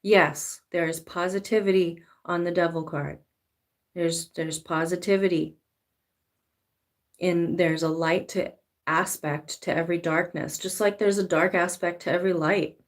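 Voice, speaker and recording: A woman's voice: fairly low pitch, fairly even intonation, a little slow. A woman giving a casual spiritual talk as a tarot reader, swearing freely and now and then acting out pleading voices. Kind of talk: spiritual monologue.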